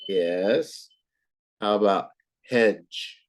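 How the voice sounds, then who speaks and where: A woman English tutor talks slowly and patiently to a young pupil. She repeats words carefully to model them and keeps her tone encouraging. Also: rumbling low. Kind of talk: online tutoring lesson.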